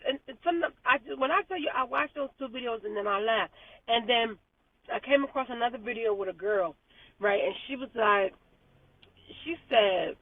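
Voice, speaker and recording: High, husky woman talking in her car, animated car-vlog chat, thin phone-like sound from a little off mic. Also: no echo, far from the mic. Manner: animated, chatty, laughing, repeats words. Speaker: vlogger. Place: car in traffic.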